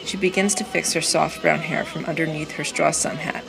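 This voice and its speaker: Gravelly low-voiced woman reading her own story, wry and excitable, soft music under it. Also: normal speed, low-quality recording. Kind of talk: reading a personal narrative essay.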